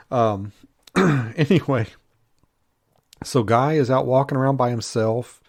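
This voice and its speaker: A Bigfoot researcher reviews a TV show in casual, rambling commentary, full of fillers and laughing at his own jokes. His voice is medium-pitched and darkish, and he sounds a little congested.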